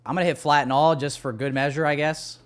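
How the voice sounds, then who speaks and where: Chill young guy streaming his trades, joking at himself, clean voice, low music behind. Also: fairly even intonation, fast, smooth. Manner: casual, self-deprecating, talking to chat. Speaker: day trader streaming live. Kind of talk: live-stream commentary.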